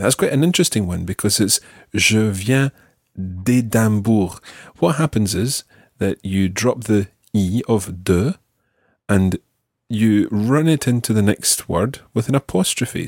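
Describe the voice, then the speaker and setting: A man teaching a French lesson, patiently modelling each phrase slowly and clearly for a learner. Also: lowish voice, darkish tone, dry recording, clean studio sound.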